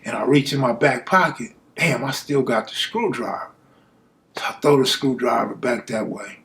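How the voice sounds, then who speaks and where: A man's voice: medium pitch, normal speed, creaky, fairly bright tone. A man from Los Angeles telling a story from his own life in a casual, blunt and profane way, acting out the people he quotes. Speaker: live-stream storyteller. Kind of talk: casual first-person storytelling.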